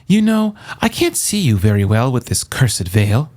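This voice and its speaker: A man's voice: medium pitch, big pitch swings, normal speed, darkish tone, natural voice. A man reading an audiobook, voicing an old female gorgon who coaxes in a purring, soothing tone. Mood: sweetly coaxing. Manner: purring, coaxing.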